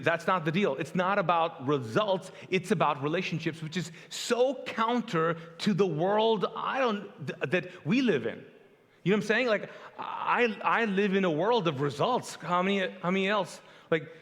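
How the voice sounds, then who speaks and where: With a fairly high voice for a man, a middle-aged Pakistani pastor gives a loose, conversational sermon. He's an animated storyteller who voices the quotes in his stories and jokes at his own expense, and the audio has the long reverb of a big hall.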